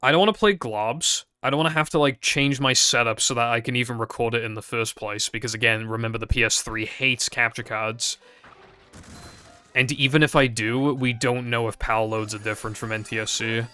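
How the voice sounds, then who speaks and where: A man's voice: medium pitch, pushed and bright, clean tone. A young man chatting casually to his stream viewers, rambling and hesitant with frequent fillers and casual swearing.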